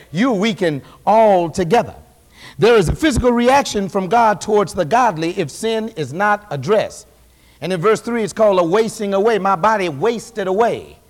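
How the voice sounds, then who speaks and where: A male senior pastor preaches with a high, ringing voice that carries through a church sanctuary with a long reverb tail. He is animated, dropping to a hush and then rising to a shout, and slips into little acted-out voices. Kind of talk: sermon.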